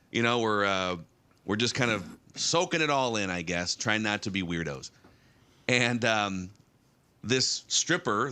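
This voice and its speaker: A man's voice: fairly low pitch, sharp tone. A man in his thirties, a guest telling a rambling story on a talk show with many restarts. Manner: rambling, with frequent restarts and fillers.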